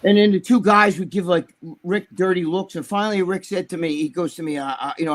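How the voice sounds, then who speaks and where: A man's voice: high-pitched, quick pace. A man on a podcast, rambling through profane stories and acting out the people in them. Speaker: podcast regular telling stories. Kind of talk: casual chat, storytelling.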